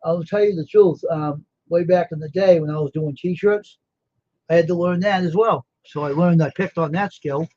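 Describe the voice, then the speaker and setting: On a casual livestream, a screen printer speaks at a moderate pace with a warm tone and a slightly high voice. Though tired and yawning, he's self-assured, rambling and greeting viewers by name. The audio quality is dull and lo-fi.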